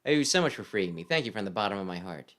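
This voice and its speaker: A man voicing a calm, serene older male monk in a soft, hushed way while reading a game aloud. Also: on the low side, racing.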